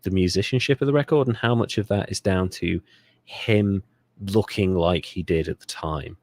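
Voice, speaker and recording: A man co-hosts a comedic history podcast, joking and swearing freely as he riffs on the story in a casual chat. His voice is low and darkish at a normal speed, with no echo.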